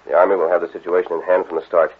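A bold masked hero speaks fast with a deep, slightly husky voice and firm command. It is heard through the thin, tinny sound of an old radio play. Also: male voice, little pitch movement. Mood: earnest. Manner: commanding, earnest, quick.

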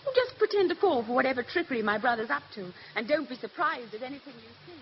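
An actress playing a sensible young woman, the older sister, brisk and organising. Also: high voice, animated. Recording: muffled old radio recording.

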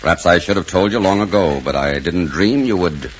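A man's voice: low voice, a little fast, lightly acted. An actor playing a stern, formal older man who commands and forbids in 1940s radio acting style. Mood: grave. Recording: dull old radio recording, faint hiss.

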